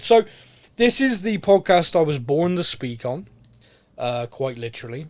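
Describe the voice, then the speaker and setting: A man's voice: on the high side, sing-song, a little slow. A man with a Bristolian accent co-hosting a casual podcast, chatty and laughing at his own jokes. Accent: Bristolian English. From England. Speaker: podcast co-host. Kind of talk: casual chat.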